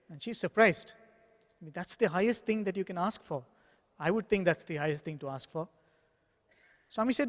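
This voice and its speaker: A high-pitched man speaks earnestly, telling devotional stories and voicing the exchanges within them. His voice rings out with a long reverb tail, as if in a large hall. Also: lively intonation, moderate pace, pauses often, a bit bright. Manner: earnest, acts out dialogue in anecdotes. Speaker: spiritual speaker. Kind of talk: devotional talk with storytelling.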